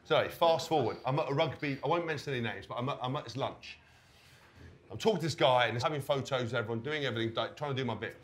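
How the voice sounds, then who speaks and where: A man on a live show stage, telling rude, animated stories and acting out the quotes. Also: medium pitch, very fast. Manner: animated, swearing, acts out quotes. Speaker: podcast co-host. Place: stage in front of a live audience.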